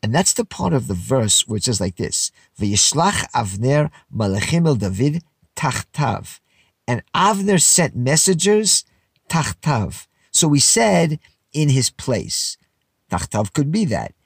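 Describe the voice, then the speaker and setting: A man's voice: medium pitch, big pitch swings, unhurried, creaky, husky, no room sound, clean studio sound. A man teaching a Bible lesson verse by verse in a casual, explanatory way, reading Hebrew phrases and translating them into English.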